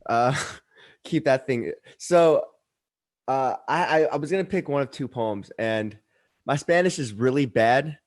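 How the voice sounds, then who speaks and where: A man on a video call, middle-pitched, talks in a loose, rambling way before reading a poem, often trailing off quietly. The sound is dry and close, with no room around it. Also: a little slow, dry recording. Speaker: poet performer. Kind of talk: casual talk then poetry recitation.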